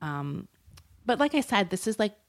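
A woman's voice: medium pitch, sing-song, normal speed, vocal fry. A woman co-hosting a podcast, retelling a true-crime story in casual, rambling chat and laughing often. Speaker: podcast co-host.

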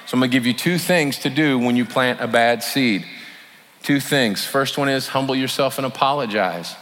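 A pastor delivers a folksy, conversational sermon, acting out heartfelt apologies as examples. His mid-range voice has a fairly bright tone and moderate pace, heard through long hall reverb with faint room noise.

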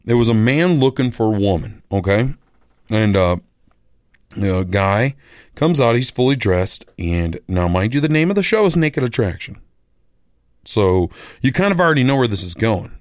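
Rambling, animated middle-aged man telling a story. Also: on the low side, dry recording, studio quality. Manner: rambling, animated, acts out quoted voices. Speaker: radio personality and musician. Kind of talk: casual storytelling monologue.

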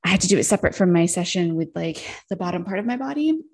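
A woman's voice: fairly low pitch, fast. Chatty young woman, swearing storyteller. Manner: animated storytelling, heavy use of "like", swears freely. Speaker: podcast co-host. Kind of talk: casual chat.

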